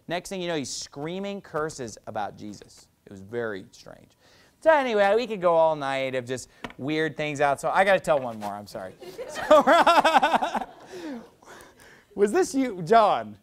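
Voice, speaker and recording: A man's voice: a little high, very animated, moderate pace. A middle-aged male pastor preaching a sermon, telling stories in a loose, conversational way with lots of "you know".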